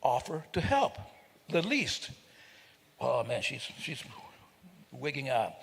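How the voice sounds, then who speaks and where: A man's voice: mid-range voice, sing-song, unhurried, vocal fry, a bit bright, slightly rough. Older man telling jokes in a hall. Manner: joking, teasing the audience, self-interrupting. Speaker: speaker at a celebration. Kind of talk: storytelling to a live audience. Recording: reverberant hall.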